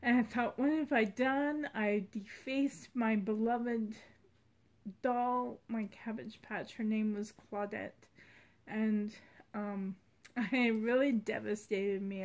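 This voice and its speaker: A woman's voice: medium pitch, level tone, takes it slowly. A woman vlogging about her doll collection in a rambling, heartfelt way. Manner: rambling, heartfelt, soft-spoken. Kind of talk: casual vlog chat.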